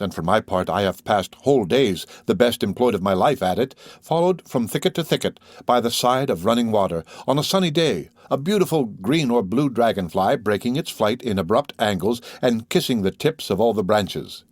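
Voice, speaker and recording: A man narrating a classic novel as an audiobook reader, with a measured, expressive reading. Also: medium pitch, no room sound.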